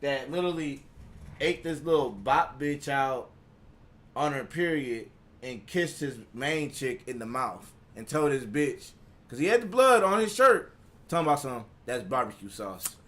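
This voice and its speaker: A man's voice: medium pitch, a little slow. A man telling a profane story on a live stream, acting out the quotes. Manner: animated, acts out quotes, profane. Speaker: guest storyteller.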